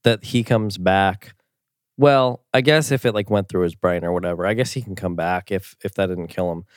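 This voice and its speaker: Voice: sits low, moderate pace, no echo, studio quality. A podcast co-host in casual chat, rambling and hesitant, with lots of fillers.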